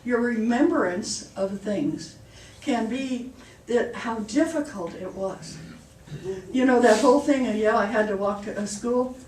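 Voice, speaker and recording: Woman pastor telling stories in a sermon, chuckles at her own jokes, kinda high voice, far from the mic in an echoey hall. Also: measured pace, a little mellow, slight background noise. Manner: chatty storytelling, laughs at own jokes. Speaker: minister. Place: church hall.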